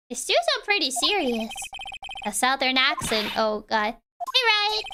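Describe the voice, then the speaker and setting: A woman streamer on a blind game playthrough, playful and expressive, laughing often. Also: high voice, a little slow, noisy background. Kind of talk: blind game playthrough, reading dialogue aloud. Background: game music.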